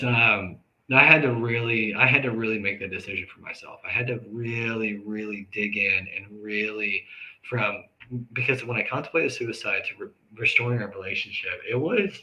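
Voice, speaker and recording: Host, male, bright ringing low-ish voice, candid heartfelt talk with sudden loud bursts. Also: poor audio. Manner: earnest, conversational, with sudden loud outbursts and quick asides. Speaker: live show host. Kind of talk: candid talk to camera about grief and forgiveness.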